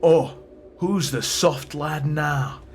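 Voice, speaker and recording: Guy putting on a foul-mouthed sailor boss, sneery and crude, slightly high voice. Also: drawn-out words, slight background noise. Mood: mocking. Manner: crude, sneering, swears a lot. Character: rough, swaggering male sailor gang leader.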